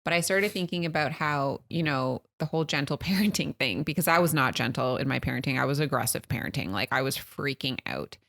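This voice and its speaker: A woman in her thirties co-hosting a podcast, telling a family story with lively acted-out quotes. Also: a bass voice, brisk, creaky, few pauses. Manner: animated storytelling, acts out her kids' and her own quotes. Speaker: podcast co-host. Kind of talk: casual chat.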